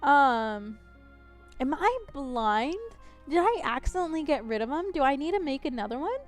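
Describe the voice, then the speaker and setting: A woman's voice: high-pitched, sing-song, normal speed, faint music behind. A woman in her twenties chatting casually while playing a game, rambling, counting aloud and poking fun at herself. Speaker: gaming streamer.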